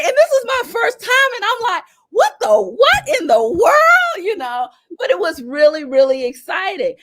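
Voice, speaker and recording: A woman from North Carolina, a celebrity publicist telling stories as an interview guest, animated and acting out what people said in a raised voice. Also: fairly high pitch. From North Carolina, USA. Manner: animated, acts out quotes in a raised voice. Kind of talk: storytelling in an interview.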